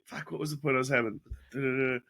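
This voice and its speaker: With a gravelly, mid-range voice, he talks fast as a guest on a laid-back podcast. His storytelling is animated and heavy on swearing, with acted-out quotes and laughter breaking into his sentences.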